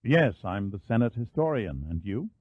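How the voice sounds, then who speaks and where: A man's voice: fairly low pitch, very animated, moderate pace, dry recording. A man voicing a friendly, chatty American Senate historian in an audiobook. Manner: easygoing, chatty. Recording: dry, phone-like narrow band.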